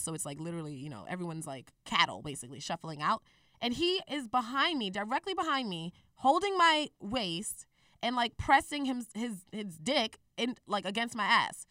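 A young woman in her twenties telling a personal story in a candid, profane, animated way on a casual talk show. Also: medium pitch, fairly quick, no echo, studio quality, recorded from a distance.

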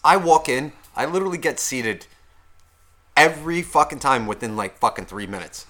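A man co-hosting a podcast, telling stories in an animated way and swearing constantly. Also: on the high side, normal speed. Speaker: podcast co-host. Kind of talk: casual chat.

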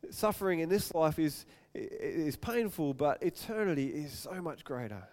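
A man preaching a sermon, telling an animated story and acting out the voices in it. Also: a little high, normal speed. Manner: animated, acts out scenes with quoted voices.

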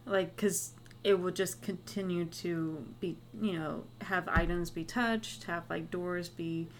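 A woman's voice: on the low side, steady tone, slow pace, slight background noise. A woman casually discussing a movie with a friend, chatty, saying "like" a lot and laughing easily.

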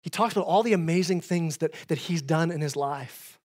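A male pastor giving a sermon in a conversational way, tossing in "right?" asides and swinging between loud, emphatic bursts and quiet asides. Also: a little high, brisk.

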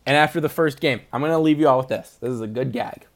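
A man's voice: medium pitch, quick pace. A young man hosting a podcast, chatting casually, rambling through jokes and laughing often. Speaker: podcast host. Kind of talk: casual chat.

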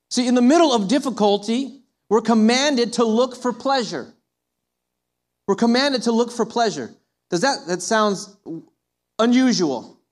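A man preaching a sermon as a pastor, animated, often acting out the voices of his listeners. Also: high-pitched.

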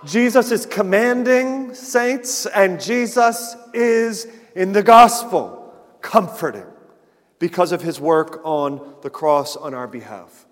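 A pastor with a fairly high voice delivers an earnest sermon, rising to loud stresses and then falling to a near hush. His voice carries through a church sanctuary with a long, lingering reverb. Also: lively intonation, slow. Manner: earnest preaching, swinging from loud emphasis to hushed softness.

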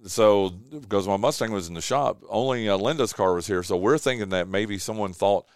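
A man's voice: lowish voice, normal speed, smooth, no room sound. A man hosting a radio show from his home studio, telling stories casually with many fillers and restarts, recovering from bronchitis. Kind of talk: casual chat.

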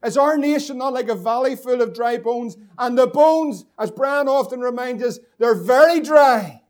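A man's voice: very high-pitched, moderate pace. A man from preaching a sermon as pastor, asking the congregation questions and drawing out key words for emphasis.

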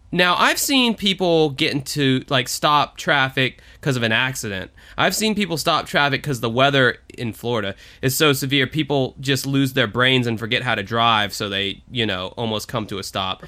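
A man hosting a podcast, telling stories in an animated way and swearing often. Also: medium pitch. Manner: animated storytelling, frequent swearing. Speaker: podcast host. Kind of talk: casual podcast chat.

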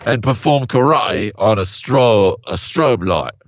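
A man's voice: fairly low pitch, expressive, takes it slowly, vocal fry, no echo. A man cohosting a comedy podcast, delivering mock-solemn insults in improvised bits, on a slightly dull recording.

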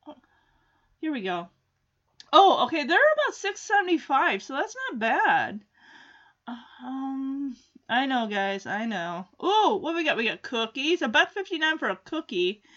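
Woman vlogger, chatty and exclamatory, bright edge, lo-fi recording. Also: fairly high pitch. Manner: chatty, exclamatory, lots of ooh. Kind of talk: casual reaction commentary.

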